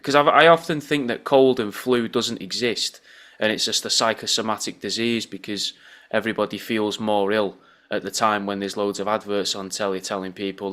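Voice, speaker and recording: A man's voice: fairly low pitch, fairly bright tone. A man co-hosting a comedy podcast, musing on odd theories in a rambling, conspiratorial way. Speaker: podcast co-host. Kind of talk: casual comedy chat.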